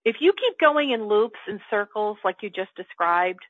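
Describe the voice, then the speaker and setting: An earnest woman coach explaining her self-help method in a relaxed, conversational way. Her voice comes through a tinny, phone-like line with a dry, close sound and no room echo. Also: medium pitch, normal speed. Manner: earnest, acts out her own inner dialogue. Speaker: coach working with clients.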